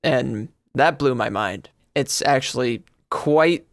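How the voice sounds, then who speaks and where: A man's voice: medium pitch, slow, vocal fry, no echo. A male podcast co-host chatting casually, rambling through a story and correcting himself as he goes. His voice sits in an ordinary middle range and sounds close and dry, with no room around it. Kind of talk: casual chat.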